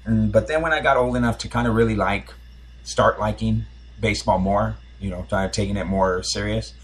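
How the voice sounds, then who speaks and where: A man in his forties with a slightly low, husky voice tells a long story on a podcast. He rambles and restarts often, circling back with fillers as he goes. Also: steady tone, moderate pace. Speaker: podcast host. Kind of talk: casual storytelling.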